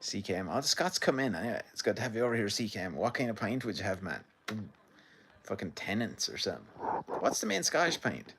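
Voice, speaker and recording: Deep-voiced Irish man chatting on stream. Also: very animated, fast, a bit bright, a little hiss or hum. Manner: rambling, swearing, laughing. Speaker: livestream host. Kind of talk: casual chat reading viewer comments.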